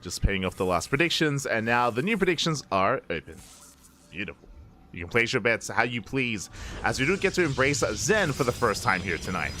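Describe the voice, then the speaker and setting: A man casting a live strategy game match as host, upbeat and playful, with quick self-corrections and jokey asides. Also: medium pitch, big pitch swings, sharp tone, a little hiss or hum. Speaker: esports caster.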